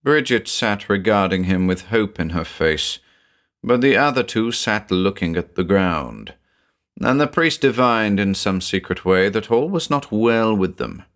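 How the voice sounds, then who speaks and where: A man narrating a classic horror story in a measured, dramatic reading. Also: fairly low pitch, animated, a bit bright.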